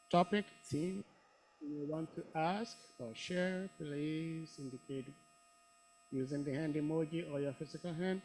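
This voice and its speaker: A man's voice: high voice, rough recording. A man moderating an online scripture class, politely thanking the speaker and inviting questions. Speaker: session moderator. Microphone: video call.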